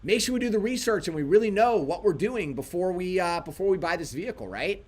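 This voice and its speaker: A man co-hosting a casual livestream, telling animated stories and quoting himself along the way. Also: high voice, quick pace. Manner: animated storytelling, quotes himself. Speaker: livestream co-host.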